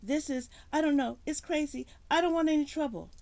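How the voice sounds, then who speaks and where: A woman's voice: high-pitched, fairly quick, creaky, a little mellow, pitched above the performer's own voice. A woman voicing a cornered, nervous male businessman who stammers and pleads.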